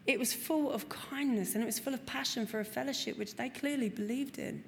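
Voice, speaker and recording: A woman's voice: a little high, a little fast, creaky, hardly any pauses, slight background noise. Candid woman sharing in a hall. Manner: earnest and candid, swears freely, repeats for emphasis. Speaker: speaker sharing at a recovery meeting. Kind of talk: personal testimony to a group. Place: meeting room. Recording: long reverb of a meeting hall, faint room ambience.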